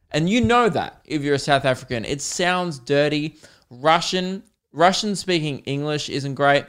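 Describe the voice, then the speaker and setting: A man's voice: mid-range voice, a bit bright, clear, resonant tone. Rambling Australian man hosting a podcast. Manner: rambling, self-deprecating, jokey tangents. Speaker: podcast host. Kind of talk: casual solo podcast monologue.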